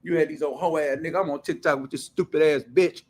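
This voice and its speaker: Loud, profane man ranting. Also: fairly high pitch, steady tone, quick pace. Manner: loud, blunt and profane, heavy slang. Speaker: show host. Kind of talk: profane casual rant.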